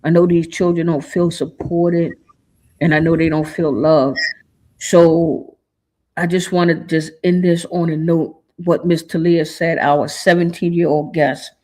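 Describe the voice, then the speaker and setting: A woman's voice: deep voice, measured pace, darkish tone. Woman, podcast host, heartfelt monologue, casual slang, holding back tears. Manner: earnest and casual, with informal slang.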